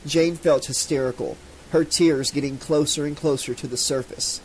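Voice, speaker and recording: A man's voice: moderate pace, a little hiss or hum, poor audio. A man reading an unabridged novel aloud and voicing the characters as he goes. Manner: reads female characters in a raised pitch. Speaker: audiobook narrator.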